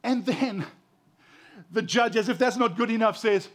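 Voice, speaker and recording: A pastor in his forties delivers an impassioned sermon, swinging from loud emphasis down to hushed tenderness and repeating words to build his point. His voice is very high-pitched, and he keeps a measured pace with frequent pauses.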